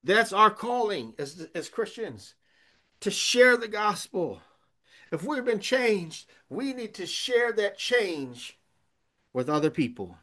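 High-voiced man preaching earnestly. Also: very animated, slow pace, pushed and bright. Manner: earnest, emphatic preaching with rhetorical questions. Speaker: pastor. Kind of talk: sermon.

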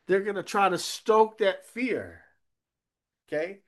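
A man preaching a sermon as a pastor, emphatic, often checking in with "okay?", and swinging between loud emphasis and quiet asides. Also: high-pitched, lively intonation, takes it slowly.

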